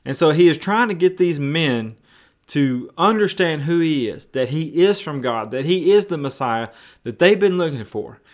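A man's voice: fairly high pitch, animated, moderate pace. A man preaching a conversational sermon, often repeating words and restarting as he explains.

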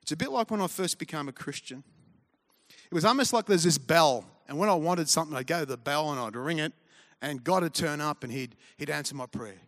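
A man's voice: a little high, fairly quick, fairly bright tone. A man, preaching a conversational sermon full of storytelling asides and humor. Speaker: pastor.

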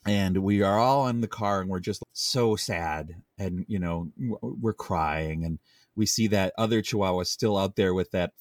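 A man's voice: low-pitched, measured pace, dry recording. A man co-hosting a podcast, telling a rambling, self-interrupting story in casual chat. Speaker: podcast co-host.

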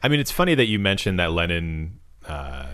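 Animated man in casual chat. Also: low-pitched, fairly quick. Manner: laughs often, trails off and restarts. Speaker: podcast co-host.

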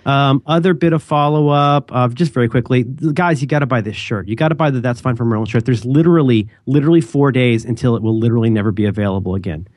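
A man's voice: mid-range voice, quick pace, hardly any pauses, darkish tone, no room sound. A man co-hosting a podcast, chatting casually in a rambling, jokey way and often interrupting himself. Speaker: podcast co-host. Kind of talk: casual chat.

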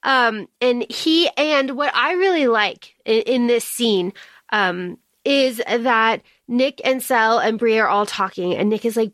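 Brief: woman podcast co-host, slightly high voice, casual and chatty, dry close recording. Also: expressive, a little slow, a bit bright, no room sound. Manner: chatty, laughs often, acts out quoted lines. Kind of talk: casual book discussion.

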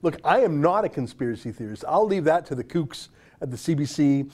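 A man's voice: on the high side, animated, a little fast, a little mellow. A man delivering an opinion monologue as a political commentator, sarcastic and incredulous, firing rhetorical questions.

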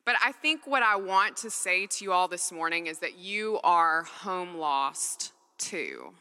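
Woman preaching, super bright voice, lively ups and downs, echoey hall. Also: lowish voice, a little slow, clean tone. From Mississippi, US. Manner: earnest, conversational, acts out dialogue. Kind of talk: sermon with personal storytelling.

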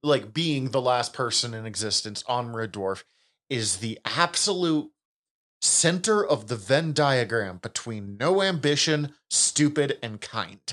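A man co-hosting a casual podcast chat. His pitch swings widely as he gets worked up. He laughs often and swears casually as he talks. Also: animated, unhurried, a bit bright. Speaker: podcast co-host.

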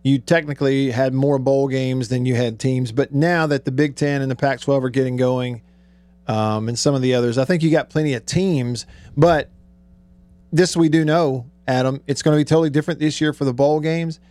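A man's voice: mid-range voice, steady tone, moderate pace, a little mellow, dry recording. A man hosting a radio show, talking casually, joking and telling stories at a studio mic. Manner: chatty, joking storyteller. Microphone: studio microphone.

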